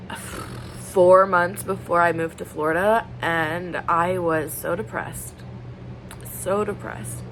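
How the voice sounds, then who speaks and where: Thirtyish woman book vlogger, talks slow, lots of likes and ums, earnest and open. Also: mid-range voice, a bit bright, slight background noise, low-quality recording. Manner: rambling, filler-heavy, with many likes and ums; earnest and openly emotional. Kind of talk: casual vlog chat.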